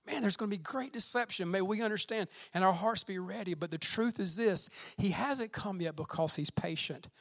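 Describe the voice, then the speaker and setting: Fervent high-voiced male pastor preaching. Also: normal speed, hardly any pauses, no echo, studio quality. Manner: fervent, exclaims "man" often, swells loud on scripture. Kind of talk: sermon.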